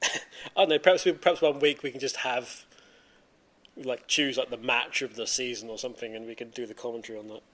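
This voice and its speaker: A man's voice: mid-range voice, fairly even intonation, brisk, fairly bright tone. A man hosting a casual podcast, rambling and restarting his sentences, laughing easily. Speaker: podcast host.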